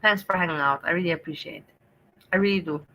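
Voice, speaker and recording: A woman's voice: lowish voice, quick pace, bright, forceful tone, low-quality recording. A woman hosting a casual livestream, chatting affectionately and playfully with her viewers. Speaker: livestream host.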